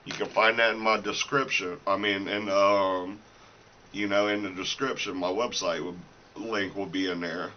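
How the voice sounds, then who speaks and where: A deep, steady male voice at normal speed comes through a lo-fi recording with slight background noise. The independent musician and small seller is vlogging casually via his camera's built-in mic in his small home recording room, a little breathless, rambling with many fillers and frequent restarts.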